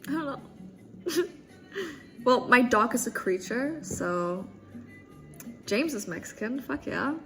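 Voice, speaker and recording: A woman's voice: on the high side, lively intonation, slow pace, pauses often, a bit bright, soft background music. A woman livestreaming, chatting casually and joking as she reads viewer comments, often breaking into laughter.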